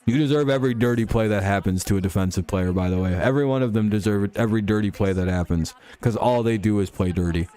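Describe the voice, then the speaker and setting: A man's voice: on the low side, fast, few pauses, mellow, clear, resonant tone. Young male streamer, loose and profane, mocks and rants while chatting with his viewers. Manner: profane, ranting, mocking. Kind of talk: live game watch-along chat.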